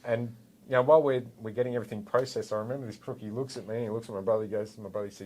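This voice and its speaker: A man's voice: on the low side, very fast, rough recording. Australian man telling a story casually. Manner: animated, acts out quotes. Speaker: podcast co-host, former police officer.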